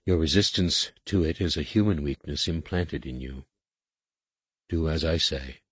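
A stern alien overseer woman, voiced by a man reading a sci-fi audiobook gives brusque, clipped orders in a very deep, husky voice. The sound is dry and close. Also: unhurried, no echo, full character voice. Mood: commanding. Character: stern alien female master scientist, cold, commanding.

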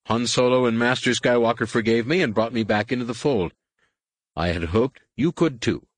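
A man's voice: medium pitch, moderate pace, dry recording, pitched above the performer's own voice, natural voice. A man voicing an intense, insistent young man in an audiobook. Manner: insistent, urgent. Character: intense young man, Jedi outcast, pressing hard.

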